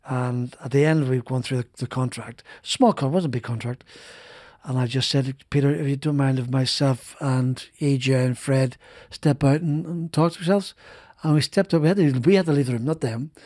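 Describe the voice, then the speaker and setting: A middle-aged man, a former racing driver, tells his stories in a loose, rambling way, stumbling over restarts and repeating himself. His voice sits at an ordinary pitch. It is recorded close on a dry studio podcast mic. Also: moderate pace, a little mellow, no room sound. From Northern Ireland. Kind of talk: casual interview storytelling.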